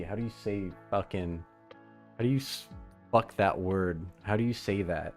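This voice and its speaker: A man's voice: fairly low pitch, moderate pace, a little mellow, faint music behind. A man hosting a podcast live on stream, chatting loosely and swearing as he reads chat aloud. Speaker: podcast host.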